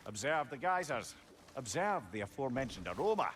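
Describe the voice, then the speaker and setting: An actor playing a gruff, wordy middle-aged male dwarf, heard as game audio. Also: mid-range voice, very animated, brisk, a bit bright, a little hiss or hum. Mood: wry. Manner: long-winded, fancy words. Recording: game audio under music.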